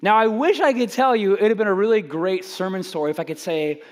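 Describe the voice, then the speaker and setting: High-voiced pastor preaching in a big hall. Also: male voice, fast talker, hardly any pauses. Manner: animated, self-mocking, acts out voices. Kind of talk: sermon with humorous storytelling.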